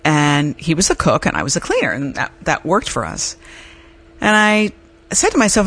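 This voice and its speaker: A woman's voice: low voice, huge pitch swings, normal speed, a bit bright, slightly rough. A middle-aged woman hosting an advice podcast, telling a personal story in a chatty, candid way. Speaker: podcast host. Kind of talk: casual advice monologue.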